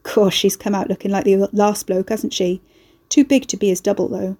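A woman's voice: medium pitch, steady tone, moderate pace, dark tone, lightly acted. A woman voicing a cheeky male neighbour who teases in breezy slang. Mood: teasing. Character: cheeky working-class male neighbour, sly.

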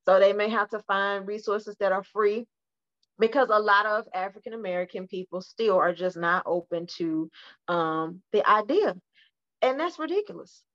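A woman's voice: medium pitch, normal speed, a bit bright, dull audio. A woman in her forties, a therapist co-hosting a podcast, talking emphatically in casual chat and repeating points for stress.

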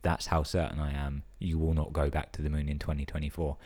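Low-voiced podcast guy reading out listener stories, swears constantly, cracks up at jokes. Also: flat delivery, a little fast, darkish tone. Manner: crude, swears a lot, laughs at jokes. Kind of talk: casual reading and chat. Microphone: podcast microphone.

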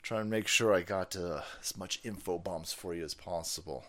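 A middle-aged man ranting through profane live-stream commentary. He laughs often and swings between loud outbursts and low mutters. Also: normal speed.

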